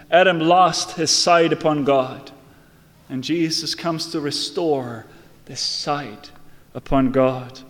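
Man preaching in a reverberant hall. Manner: earnest, swings from hushed lows to excited highs. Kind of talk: sermon.

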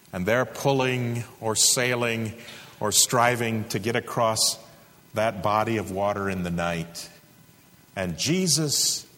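Male preacher, unhurried, bright and expressive, echoing sanctuary. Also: mid-range voice. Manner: slow, dramatic preaching with sudden loud rises and hushed drops. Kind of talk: sermon. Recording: reverberant hall.

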